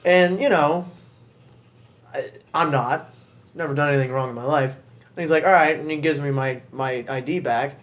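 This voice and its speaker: Animated, cussing young man telling a story. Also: fairly high pitch, normal speed, long pauses. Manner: swearing, animated storytelling with laughter. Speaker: podcast co-host. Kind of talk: casual chat.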